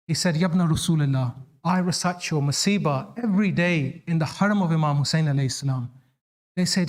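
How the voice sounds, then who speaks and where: A man's voice: fast, darkish tone. A man giving a sermon, telling religious stories dramatically and acting out the lines he quotes. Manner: dramatic, voices quoted lines with rising pitch. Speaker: preacher. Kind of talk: sermon storytelling.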